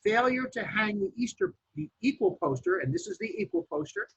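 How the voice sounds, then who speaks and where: A real estate instructor, lecturing a class in an emphatic, lively way with fillers and restarts. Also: male voice, very high voice, fairly quick, vocal fry, slightly rough. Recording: dull lo-fi classroom recording.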